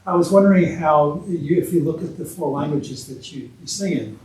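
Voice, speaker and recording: A man hosting a concert series, taking questions and announcing upcoming concerts in a friendly, halting way. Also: on the high side, lively intonation, darkish tone. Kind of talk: audience Q&A and announcements. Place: church concert hall. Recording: distant voice in a reverberant church with room noise.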